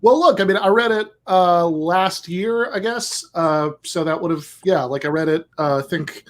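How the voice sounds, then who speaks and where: Male guest, high pitch, loose hesitant delivery. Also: moderate pace. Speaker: panel guest.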